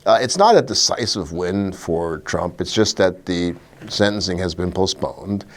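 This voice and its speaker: Low-voiced wry male legal commentator. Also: measured pace. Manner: wry, animated, with short laughs and fillers. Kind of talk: solo video commentary.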